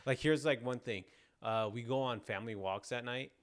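A man in his thirties, a father and podcast co-host, telling a story in a relaxed casual chat and laughing easily. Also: mid-range voice, normal speed, clear, resonant tone.

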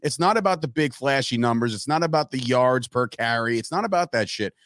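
A man's voice: mid-range voice, expressive, brisk, a bit bright, no room sound, clean studio sound. A man giving emphatic, profane opinions as a podcast co-host in casual sports chat.

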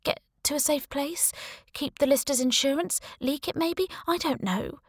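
A woman voicing a desperate pregnant woman, defiant and bitter, with a wavering, breathy delivery in an audiobook. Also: high-pitched, normal speed, no echo, studio quality, voice pushed up, close to an everyday voice. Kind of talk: audiobook character voice.

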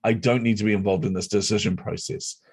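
A middle-aged man telling a personal story as an interview guest, animated and competitive. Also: fairly low pitch, fast talker, husky. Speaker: guest, speaker and entrepreneur.

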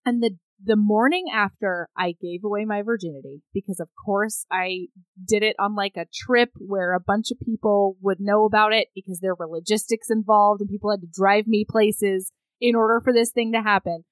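A woman's voice: medium pitch, steady tone, normal speed, few pauses, no room sound, low-quality recording. A woman co-hosting a podcast, chatting casually about a book, frank and profane, laughing often. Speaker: podcast co-host.

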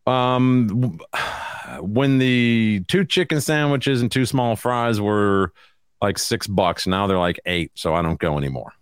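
A man's voice: on the low side, measured pace, clear, resonant tone, no room sound, studio quality. A man co-hosting a casual podcast, rambling and incredulous, and swearing often. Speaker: podcast co-host. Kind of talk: casual chat.

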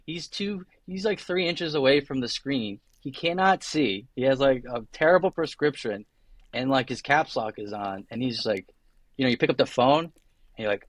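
A man's voice: medium pitch, animated, moderate pace, no room sound. A young adult man, a guest attorney, talking casually on a podcast, chatty and full of tangents and acted-out quotes.

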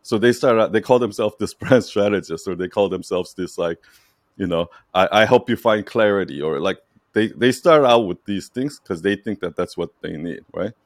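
A man's voice: on the low side, normal speed, no echo, clean studio sound. A man coaching a client in casual talk, emphatic and repetitive, checking in with "right?" and laughing lightly. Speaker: brand strategy coach.

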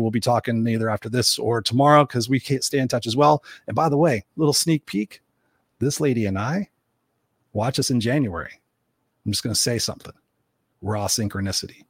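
Fast-talking guy in his 50s doing an unscripted livestream q&a, blunt and swears a lot, dry close sound. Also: mid-range voice, no room sound. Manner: blunt and energetic, swears freely; rambling, with many restarts and fillers. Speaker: motivational speaker and show host. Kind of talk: unscripted livestream Q&A, reading viewer comments.

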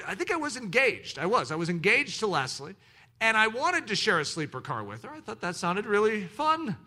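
Bright, animated male preacher telling stories. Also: high voice. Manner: animated, self-mocking storytelling with sudden loud peaks. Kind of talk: storytelling sermon.

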